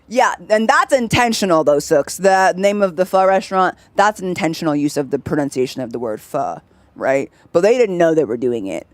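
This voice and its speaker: A woman's voice: on the low side, animated, fairly quick, dry recording. A young woman streaming a game, chatting casually and laughing often as she explains things. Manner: chatty, laughs often, mimics voices in anecdotes. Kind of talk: casual gameplay chat.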